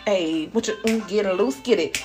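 A woman giving a casual spiritual reading, playful and laughing, dropping to whispers and jumping to loud bursts. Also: mid-range voice, normal speed, music in the background. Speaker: spiritual reader channeling messages. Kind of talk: casual intuitive reading monologue.

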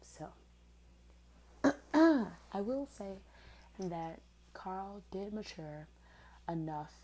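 A woman's voice: medium pitch, animated, drawn-out words, warm tone, poor audio. A woman in her twenties telling a personal story in a candid, sarcastic way, swearing casually. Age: 20s.

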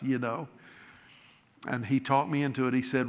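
A pastor telling a folksy, self-deprecating story in a sermon, acting out the dialogue of the people in it. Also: male voice, mid-range voice, level tone, moderate pace, fairly bright tone, big-room sound.

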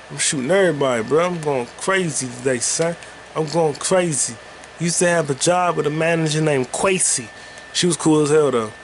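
Gravelly, profane man riffing loosely. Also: a little high, moderate pace, slight background noise. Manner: loose, profane, riffing with sing-song asides. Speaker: podcast host. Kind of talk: rambling solo podcast while gaming.

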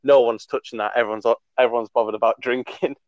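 A man's voice: medium pitch, fairly even intonation, fast, no echo, dull audio. A young man in his twenties telling a long, rambling story on a podcast, laughing and swearing as he goes, full of fillers. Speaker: podcast co-host. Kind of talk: casual storytelling chat.

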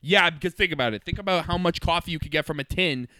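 A man's voice: on the high side, fast talker, sharp tone, no room sound, studio quality. A young man co-hosting a casual podcast, joking loosely, swearing freely and laughing often. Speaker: podcast co-host. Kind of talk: casual crude banter.

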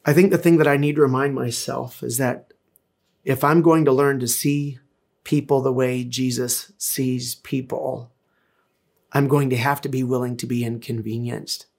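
A man's voice: mid-range voice, fairly even intonation, normal speed, vocal fry. A middle-aged man, a pastor, preaching a sermon in an earnest, conversational way, with frequent hesitations. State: tearful, emotional.

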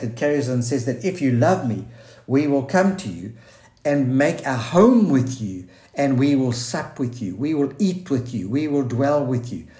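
A man's voice: mid-range voice, warm tone. A man preaching a sermon in an earnest, searching way, quoting scripture and restarting his thoughts. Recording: roomy echo.

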